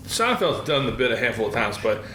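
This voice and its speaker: A man's voice: medium pitch, sing-song, fairly quick, sharp tone. A man hosting a podcast, telling loose, profane stories in casual chat. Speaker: podcast host. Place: tattoo shop studio. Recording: roomy echo, faint background hiss.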